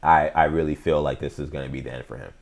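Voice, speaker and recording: Low-voiced man hosting sports talk. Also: fairly even intonation, fast talker, vocal fry. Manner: opinionated, talks straight to chat viewers; frequent fillers and restarts, slangy. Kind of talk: casual live-stream sports talk.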